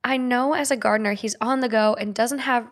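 Young woman podcast host, slightly high voice, reads out listener posts, expressive. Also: fairly quick. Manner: laughs easily, reacts expressively. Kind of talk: casual chat and reading listener posts.

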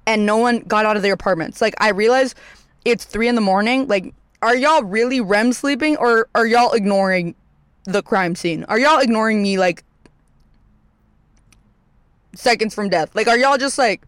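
A young woman with a slightly high voice tells a storytime at home, animated and full of slang and swearing. She acts out the people in her story as she goes. The sound is dry and close, with little room around her. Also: moderate pace, dry recording. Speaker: vlogger. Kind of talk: casual storytime chat.

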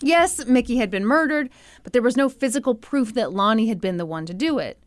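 A woman's voice: fairly high pitch, brisk, dry recording, studio quality. A woman co-hosting a podcast, telling a true crime story in a casual, sarcastic way and acting out the people she quotes. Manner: animated, sarcastic, acts out quotes with laughs.

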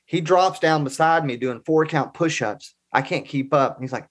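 A man's voice: a little high, normal speed, hardly any pauses. A man in his forties telling personal stories as a guest in a casual interview, in an earnest, conversational way. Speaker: podcast guest.

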